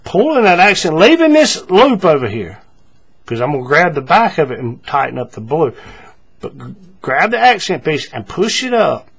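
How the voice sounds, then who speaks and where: A husky, somewhat high-voiced man talks at a moderate pace through a calm, step-by-step paracord tutorial, describing each move with frequent fillers and repeats.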